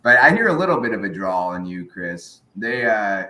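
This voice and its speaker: A man from New England chatting casually on a podcast in a relaxed way. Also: on the low side, normal speed. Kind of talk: casual chat. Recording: roomy with faint noise.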